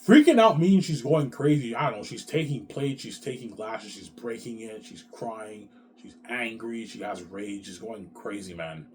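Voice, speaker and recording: Rambling profane man, low voice, faint noise. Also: normal speed, few pauses, darkish tone. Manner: quotes others in brief put-on voices. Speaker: show host. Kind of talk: rambling monologue.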